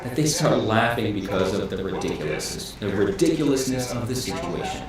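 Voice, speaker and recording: A man teaching acting in an instructional video, calm and explanatory, asking rhetorical questions. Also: lowish voice, fairly quick. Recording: echoey room with crowd noise behind.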